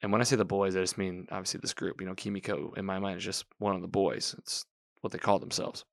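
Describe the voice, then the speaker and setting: Guy rambling through a tv recap, kinda low voice, dry sound. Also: fairly even intonation, fast, creaky, no room sound. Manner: chatty, rambling, self-correcting, quoting characters. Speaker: TV episode recapper. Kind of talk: casual episode recap.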